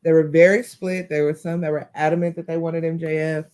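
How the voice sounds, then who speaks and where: A woman co-hosting a show in casual chat, animated, sometimes breaking into loud excited yelling. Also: low-pitched, brisk. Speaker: co-host.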